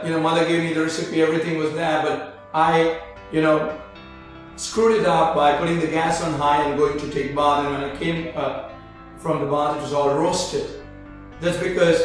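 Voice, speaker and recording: A man with a high voice gives a spiritual talk, filling his speech with "you know" and repeating key phrases. He sounds far from the mic in a very echoey space, with faint music behind him. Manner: repeats phrases, many "you know" fillers, grows animated. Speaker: spiritual teacher, show host.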